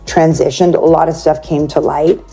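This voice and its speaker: Woman, interview guest, low mellow voice, rambling chatty storyteller. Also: little pitch movement, normal speed, gravelly, soft background music. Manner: chatty, peppered with "like", acts out quoted speech.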